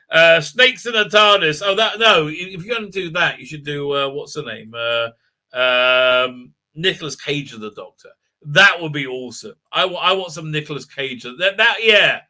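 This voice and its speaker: A middle-aged man hosting a casual livestream, reading chat aloud, rambling and excitable with many fillers and frequent laughs. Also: a little high, a little slow.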